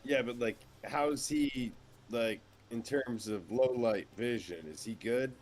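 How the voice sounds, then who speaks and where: A man's voice: medium pitch, slow, slight background noise. A man playing a tabletop game in a casual, joking way. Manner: joking, playful. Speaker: player.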